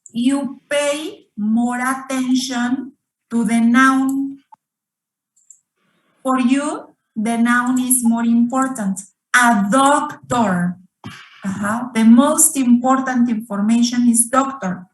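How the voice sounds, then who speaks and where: Slow, patient woman teacher. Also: a little high, fairly even intonation. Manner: slow, repeats points and asks students questions. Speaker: English teacher. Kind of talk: online grammar lesson. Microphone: video call. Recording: roomy sound from far off the mic.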